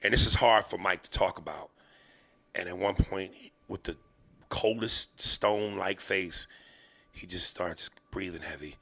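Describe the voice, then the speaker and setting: A man hosting a podcast, telling profane, animated comic stories and acting out the people in them. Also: sits low. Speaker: podcast host. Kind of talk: comedic storytelling.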